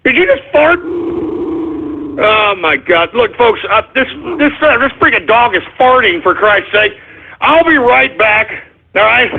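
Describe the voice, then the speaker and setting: A man hosting a talk radio show, ranting loudly with exasperated outbursts. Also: very high voice, lively intonation, a little slow, gravelly. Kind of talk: ranting call-in radio monologue. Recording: tinny phone-line audio.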